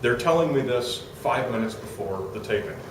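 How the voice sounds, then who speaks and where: A man's voice: medium pitch, normal speed, roomy sound, distant mic, noisy background. A man on a conference stage telling a funny anecdote, acting out the people in it and laughing as he goes. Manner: animated, acts out quotes, laughs while telling. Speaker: storyteller on stage. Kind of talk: live comic anecdote. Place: conference hall, live audience.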